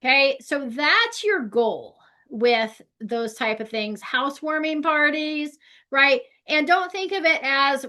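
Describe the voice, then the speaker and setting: A woman's voice: high voice, big pitch swings, a little slow, bright, forceful tone. A woman giving a casual real estate training talk, chatty and conversational, often checking in with "right?". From California.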